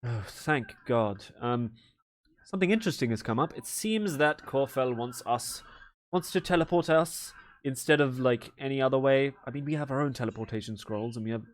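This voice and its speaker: A man's voice: mid-range voice, moderate pace, close to an everyday voice. A man playing a bored, pampered noblewoman. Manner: languid, dismissive, lazy.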